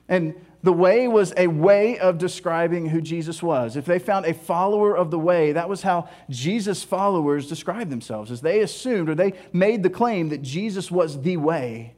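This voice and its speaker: A man preaching a sermon, animated, acting out scripture voices and dropping to hushed tones. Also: high voice, normal speed, few pauses. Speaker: pastor.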